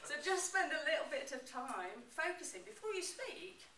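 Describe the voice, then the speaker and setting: An animated woman presenting to a class, her voice fairly high and bright. She is picked up from a distance in a roomy, echoing space. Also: moderate pace, slight background noise. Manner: animated, expressive. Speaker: public speaking presenter. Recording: roomy echo, mic from afar.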